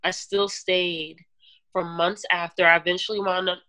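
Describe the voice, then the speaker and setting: A woman guest giving an earnest personal testimony in an interview, talking in halting runs with restarts and fillers. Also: fairly low pitch, little pitch movement, bright, forceful tone, dry recording. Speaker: podcast guest.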